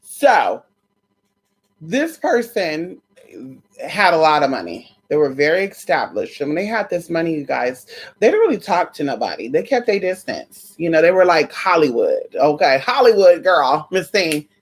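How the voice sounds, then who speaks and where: A sassy woman vlogger telling a story straight to her viewers. She talks in an animated, casual way and swears freely. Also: low voice, moderate pace, breathy edge.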